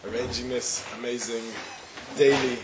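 A rabbi telling a parable and giving a spoken Torah lesson, with small hesitations. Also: male voice, mid-range voice, little pitch movement, moderate pace. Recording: roomy echo, faint noise.

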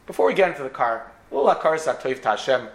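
A man's voice: fairly high pitch, sing-song, fast, vocal fry. A man voicing an older man who keeps raising exuberant toasts. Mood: boisterous.

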